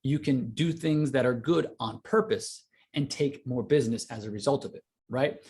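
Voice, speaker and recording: Brief: male sales coach, mid pitch, upbeat teaching delivery, keeps asking "right?". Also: normal speed. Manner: energetic, repeats "right?" to the audience. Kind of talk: live online sales training.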